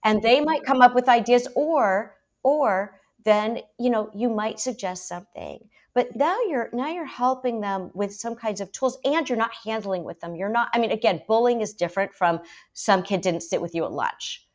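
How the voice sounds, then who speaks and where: A woman's voice: on the high side, expressive. Emphatic woman arguing a parenting point. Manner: emphatic, quick to mimic parents in put-on voices. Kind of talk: lively debate talk.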